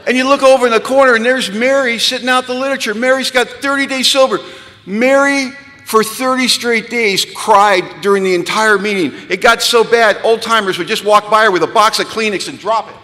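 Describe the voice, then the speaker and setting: A man telling humorous, animated stories to an audience at a recovery gathering, recorded in an echoey hall. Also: extremely high pitch, a little fast. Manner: lively, animated, punchline-driven storytelling. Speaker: recovery meeting speaker. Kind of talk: humorous storytelling talk to an audience. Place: large hall.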